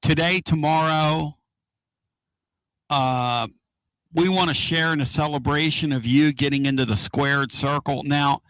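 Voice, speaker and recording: A man hosting a casual radio talk show from inside a moving car, excitable and rambling. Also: on the high side, measured pace, no room sound. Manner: excitable, rambling and loud-mouthed.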